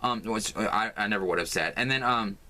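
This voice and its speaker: An American crafting vlogger with a lowish, bright and forceful voice talks briskly through a casual vlog at home. He rambles, uses lots of fillers and sounds exasperated.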